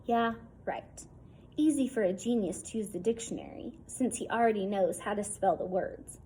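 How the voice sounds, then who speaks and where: A woman's voice: medium pitch, moderate pace, warm tone, slight background noise, rough recording. A woman reading a novel aloud in a casual, wry first-person storytelling tone. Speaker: audiobook reader.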